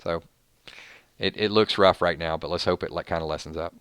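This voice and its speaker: A Southern man from Georgia chats loosely on a live stream, reading out viewer names and wandering off into asides with plenty of restarts. His voice is low and smooth. The sound is dry and close. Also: fairly even intonation, fairly quick, fairly bright tone, no echo. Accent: Southern American. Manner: chatty, reads viewer names, rambling restarts. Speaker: streamer host. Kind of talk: casual live-stream chat.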